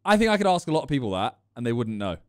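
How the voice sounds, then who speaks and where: A man streaming his reactions to a video, talking casually with animated, joking asides. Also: mid-range voice, racing.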